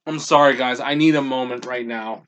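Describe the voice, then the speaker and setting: A man's voice: medium pitch, steady tone, normal speed, a bit bright. A man hosting a casual manga reaction, thinking aloud and getting emotional as he reads. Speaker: reaction channel host.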